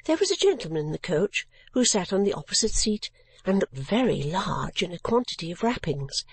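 A woman narrating a classic novel as an audiobook, in a gentle, measured storytelling manner. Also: mid-range voice, husky, no room sound.

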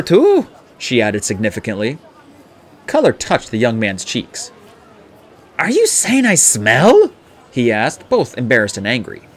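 A man narrating an audiobook with expressive storytelling. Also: fairly low pitch. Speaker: audiobook reader.

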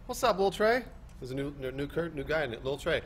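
A man's voice: fairly high pitch, animated, fast talker, a little hiss or hum. A man co-hosting a live gaming stream, playful and laughing, putting on mock pilot radio chatter. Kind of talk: casual gaming banter.

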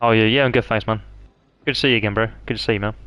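A man's voice: on the low side, fairly even intonation, rapid-fire, fairly bright tone, dry recording, dull audio, soft background music. A man giving profane, trash-talking commentary while streaming a game live.

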